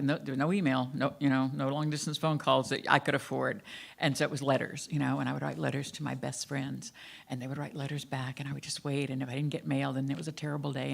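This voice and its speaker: A very deep, bass, gravelly voice belongs to an older woman serving as guest minister in a church sanctuary. Originally from the American South, with a faded Southern American accent, she delivers a sermon built on personal storytelling, candid and self-deprecating about her own life.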